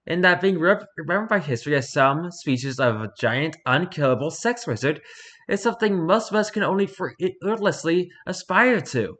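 Male reader, slightly high and bright, comedic post readings with wry asides. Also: expressive, moderate pace. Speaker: reader of internet posts.

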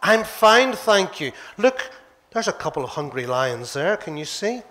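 A man voicing a calm, polite prophet who reassures the king in a children's Bible story. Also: a little high, measured pace, a little hiss or hum, full character voice. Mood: reassuring. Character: calm, cheerful young male prophet.

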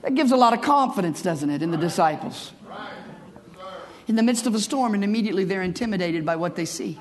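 A man preaching a sermon in church as pastor, building from measured storytelling into impassioned, shouted bursts. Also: high voice, expressive.

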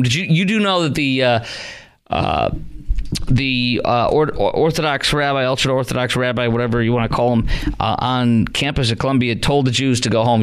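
Middle-aged guy hosting call-in radio, fired up, keeps asking the audience stuff, average pitch. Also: a little fast, clear, resonant tone. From Chicago. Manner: impassioned, indignant, many rhetorical questions. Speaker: talk radio host.

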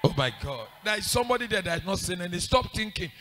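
A male pastor preaching in a church service, swinging between shouted commands and hushed pleading in a sing-song cadence. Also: high-pitched, big pitch swings, fast, music in the background. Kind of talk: fiery prayer sermon.

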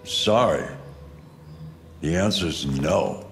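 An actor playing an elderly, stern male painter, a weary father with a gruff manner. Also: low-pitched, drawn-out words, a bit bright, exaggerated voice. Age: older. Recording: game audio with music.

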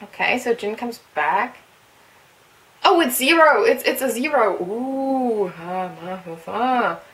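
A woman who is not a native English speaker, hosting a casual reaction video and reading along with excited squeals, laughs and musing asides. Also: on the high side, slow, low-quality recording. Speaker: webtoon reaction host.

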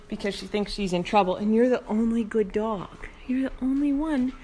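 A woman vlogging outdoors, telling a lively story and chatting to her dogs. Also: fairly high pitch, normal speed, slight background noise. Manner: animated storytelling, playful asides to her dogs. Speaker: vlogger and dog owner. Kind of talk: casual storytelling to camera and dogs. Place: outdoors by the ocean.

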